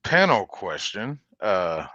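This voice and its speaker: Bright-voiced man chatting and laughing. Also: low-pitched, sing-song, slow, no echo, lo-fi sound. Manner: laughs often, swears, rambling. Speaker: livestream host. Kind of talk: casual chat.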